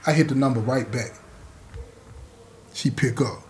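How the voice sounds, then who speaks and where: A man casually telling a personal story to his listeners, animated and full of asides. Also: mid-range voice, measured pace, a little hiss or hum. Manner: animated, talks straight to listeners with frequent asides.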